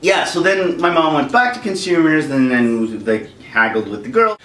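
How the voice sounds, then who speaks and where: A Canadian man on his vlog tells a rambling, comic story from his childhood, animated and full of jokes. His mid-range voice moves fairly quickly. The mic sits at a distance, giving a roomy echo over slight background noise.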